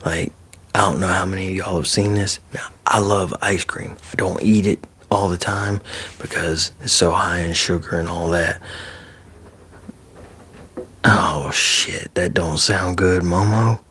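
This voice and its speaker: A man chatting casually on an ASMR live stream, soft-spoken and slipping into whispers, loose and a bit profane. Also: sits low, fairly even intonation, measured pace, breathy edge.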